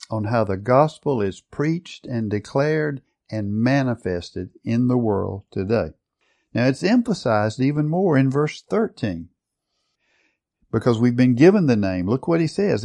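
A man preaching a sermon, emphatic, stretching out key words and often changing his loudness. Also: mid-range voice.

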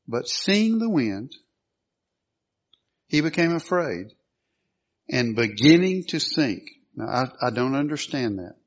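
A man preaching a sermon, reading scripture aloud and asking the listeners questions, clearing his throat often. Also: medium pitch, very animated, slow, long pauses. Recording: dull lo-fi sound.

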